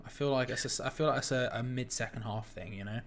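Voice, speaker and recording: A man's voice: mid-range voice, fast talker, slight background noise. A man in a mid-range voice chats casually through a live football stream. He trades dry, jokey remarks with his co-host. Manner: wry, jokey banter. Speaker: co-host of a match watch-along. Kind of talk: casual live match chat.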